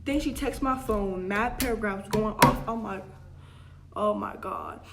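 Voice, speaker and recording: A woman's voice: mid-range voice, unhurried, heavy background noise. A young adult woman telling a casual storytime, chatty and full of slang, acting out what her family said. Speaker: vlogger.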